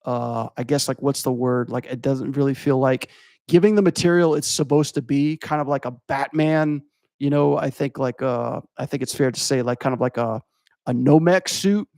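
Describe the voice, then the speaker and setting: A man's voice: medium pitch, steady tone, moderate pace, a little mellow, no echo, studio quality. A young adult man from Louisiana, rambling and swearing as he critiques animation for his stream chat. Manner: rambling, profane, filler-heavy.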